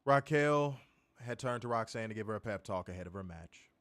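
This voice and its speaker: A man's voice: on the low side, lively intonation, fairly quick, fairly bright tone, dry recording, clean studio sound. A man co-hosting a podcast, ranting in an exasperated, sarcastic, profane way and calling his listeners y'all. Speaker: podcast co-host reviewing wrestling. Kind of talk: casual ranting review.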